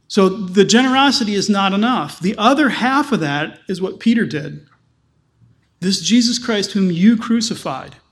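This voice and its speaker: A man, a pastor, preaching a sermon with emphatic, repeated phrases. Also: high-pitched.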